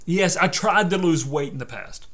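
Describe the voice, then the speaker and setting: An older man hosts a motivational podcast in a somewhat high voice. He talks emphatically and repeats his points as he tells stories. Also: moderate pace, a bit bright. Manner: emphatic, repetitive, storytelling. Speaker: podcast host and persuasion coach.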